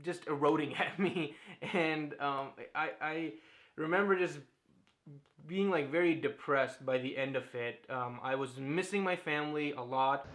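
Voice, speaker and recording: A man's voice: a little high, unhurried, fairly bright tone. A man in his thirties vlogging candidly to camera, open and reflective, often laughing and using fillers. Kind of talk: candid personal vlog talk.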